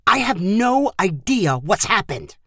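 A woman's voice: medium pitch, sing-song, a bit bright, no room sound, clean studio sound. A woman voicing a panicked young man on a phone in a storybook reading. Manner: anxious, hurried.

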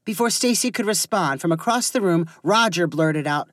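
A woman narrating a story aloud in an expressive reading voice. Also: lowish voice, normal speed, no echo, clean studio sound.

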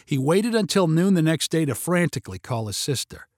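A man narrating a story aloud in an animated way. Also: fairly high pitch, brisk, no echo, clean studio sound. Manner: animated storytelling, shifting into character voices.

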